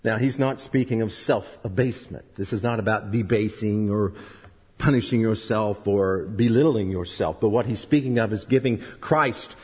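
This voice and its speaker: A man's voice: moderate pace, darkish tone, breathy edge. Man preaching in a reverberant hall. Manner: emphatic, rising and dropping in pitch and volume, rhetorical questions. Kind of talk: sermon.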